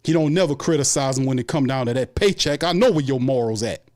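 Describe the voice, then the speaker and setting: A man's voice: medium pitch, fast talker, darkish tone. A man hosting a sports show, delivering an angry, profane fan rant full of repeated complaints. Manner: angry, profane, repetitive ranting.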